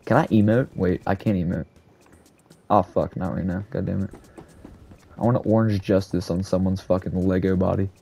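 A man commentating over gameplay, rambling sarcastically with a lot of profanity and sudden yelled outbursts. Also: sits low, fairly even intonation, moderate pace, vocal fry, pauses often, faint music behind. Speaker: gaming commentator. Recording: loud game gunfire under the voice. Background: game gunfire and shots.

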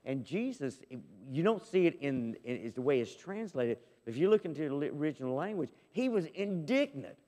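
A man preaching a sermon as pastor, emphatic and swinging between loud and soft. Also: on the high side, big pitch swings, a little fast, few pauses, big-room sound. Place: church sanctuary.

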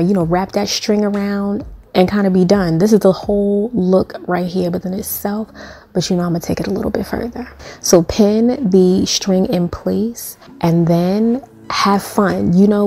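A woman's voice: mid-range voice, dark tone, breathy edge. A young woman talking through a hair tutorial in a sassy, playful, chatty way. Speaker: beauty vlogger.

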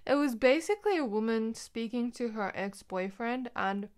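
A woman's voice: a little high, animated, normal speed. A young woman giving a pick-a-card tarot reading, talking in a loose, rambling way with many fillers. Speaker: tarot reader.

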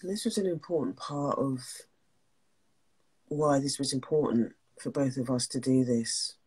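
A woman's voice: extremely low pitch, measured pace, a little mellow, slightly rough. A woman hosting a talk, speaking openly and emotionally before reading a passage aloud. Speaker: host and wellness coach.

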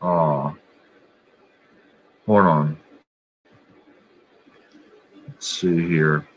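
A man's voice: extremely low pitch, fairly even intonation, slightly rough, poor audio. A man vlogger talking casually and bluntly about soccer and other channels, swearing offhandedly. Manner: slow, offhand, blunt and profane. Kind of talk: casual chat.

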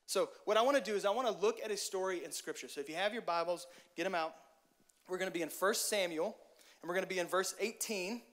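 High-voiced, lively preacher man. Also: fairly quick. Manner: lively, joking, talks straight to the audience. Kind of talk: casual sermon.

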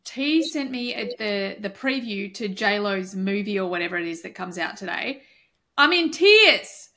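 A woman's voice: mid-range voice, moderate pace, fairly bright tone. A woman hosting a podcast and chatting casually, emotional and effusive, with many fillers. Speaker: podcast host and coach. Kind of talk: casual chat.

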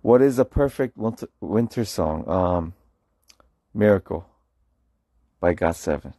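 A man's voice: lively intonation, measured pace, pauses often, warm tone, no room sound, clean studio sound. A sleepy young man, a singer, chatting casually on a late-night phone livestream while he reads out comments. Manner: low-key, murmured, answers comments in English and Korean.

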